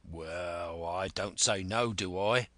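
A man voicing a rough pirate coxswain who grumbles in a growling rough dialect. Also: low voice, slow, a bit bright, dry recording. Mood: grumbling.

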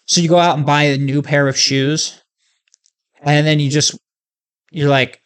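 A male podcast host chats casually and rambles, jokes and fills his talk with "like". His voice sits fairly high for a man. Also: steady tone, unhurried, pauses often, fairly bright tone, clear, resonant tone. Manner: rambling, joking, many fillers.

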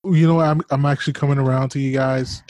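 A man's voice: medium pitch, little pitch movement, quick pace, darkish tone, no echo. A young man co-hosting a podcast about movies, playful and self-deprecating in casual chat. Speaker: podcast co-host.

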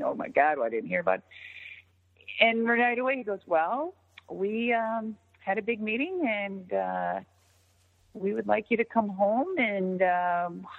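A woman telling a story in casual chat, animated and profane, often jumping into an excited high voice. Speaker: podcast guest. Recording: tinny phone-line sound with long reverb.

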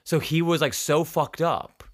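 A man's voice: on the high side, a little slow. A young man hosting a podcast, telling stories in casual chat, swearing and acting out the people he quotes. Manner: animated, swearing, acts out quotes. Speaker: podcast host.

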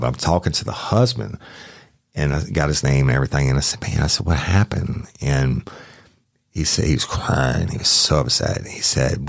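A man with a very deep, low voice tells a police story in a loose, rambling way. He restarts his sentences and swears freely. The sound is dry and close to the mic. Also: creaky, dry recording. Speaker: podcast host recounting a police case. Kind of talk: casual storytelling.

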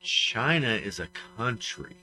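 Male co-host, low and animated, emphatic opinions. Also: takes it slowly, slight background noise. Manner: emphatic, opinionated, punchy rants. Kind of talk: casual banter.

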